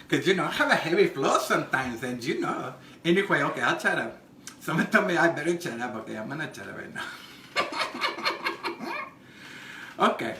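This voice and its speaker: A man puts on a gossipy middle-aged home cook, her voice pitched up and swinging wildly between squeals and low mutters. She chats crudely while demonstrating a recipe, and her voice rings bright and sharp. The sound bounces around an echoey kitchen. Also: a little hiss or hum, heavily acted. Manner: gossipy, chatty, crude asides, giggly. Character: brassy middle-aged Mexican-American woman home cook. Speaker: cooking show host. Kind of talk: comedic cooking demonstration.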